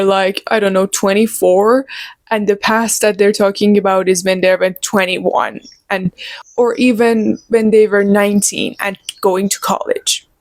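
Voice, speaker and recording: A young woman in her twenties chatting casually to her viewers about a book, animated and opinionated. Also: medium pitch, dry recording. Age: 20s. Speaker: book vlogger. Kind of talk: casual chat.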